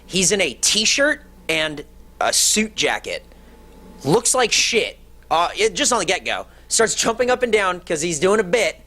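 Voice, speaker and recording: A man's voice: high voice, very animated, a little slow, pushed and bright. A man co-hosting a podcast from a hotel room, telling a story in a heated, profane way. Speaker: podcast co-host. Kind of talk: casual chat.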